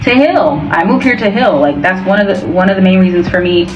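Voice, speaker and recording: An American woman vlogger chatting casually and playfully, and she talks fast. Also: medium pitch, lively intonation, roomy sound, recorded from a distance, dull audio, music in the background. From United States. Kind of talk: casual vlog chat.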